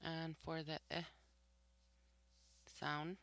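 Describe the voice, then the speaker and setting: A language teacher talks through a recorded vocabulary lesson at a slow, deliberate pace. Each word is said twice and then its meaning is explained, all in a level, even voice. The recording is dry and close. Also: medium pitch, no room sound. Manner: explains each word's meaning after saying it.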